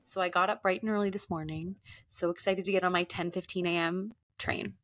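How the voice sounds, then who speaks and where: A young woman hosting a podcast, telling a story in a casual, animated way and acting out the people she quotes. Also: fairly low pitch, fairly quick. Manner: animated, laughing, often acts out quoted people. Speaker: podcast host. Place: Los Angeles.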